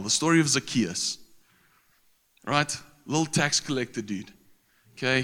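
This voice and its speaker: A man's voice: medium pitch, sharp tone, in a large hall. A man preaching a sermon in a casual, slangy way, with frequent restarts.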